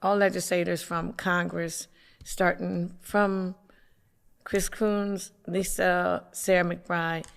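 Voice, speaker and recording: A councilwoman from hosting a local community TV show, with the hiccups, making announcements in a halting way with many fillers. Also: fairly low pitch, gravelly, clear, resonant tone. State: has the hiccups.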